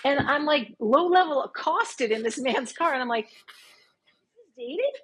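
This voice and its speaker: A woman in her fifties, a podcast guest telling a dating story in a casual, animated way and acting out what she said back then. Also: sits high, normal speed, rough recording. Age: 50s. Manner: animated, acts out her own past lines.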